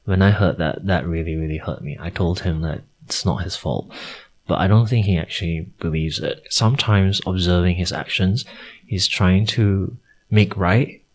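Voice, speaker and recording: A man's voice: sits low, moderate pace. A man, a podcast guest candidly telling personal stories in an intimate chat. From Singapore. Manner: candid, storytelling, quoting others with raised voice.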